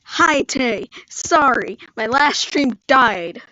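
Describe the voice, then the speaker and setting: A young woman live streaming and chatting casually with her viewers, congested from allergies and prone to emotional high squeals and laughter. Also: animated, extremely slow, bright, forceful tone, dry recording, dull audio. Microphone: phone or computer mic.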